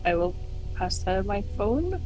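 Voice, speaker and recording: A woman's voice: mid-range voice, very animated, a little slow, a little mellow, faint music behind, low-quality recording. A woman playing a tabletop horror game, easygoing and self-deprecating. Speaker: player. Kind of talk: casual play at a game table. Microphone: home streaming mic.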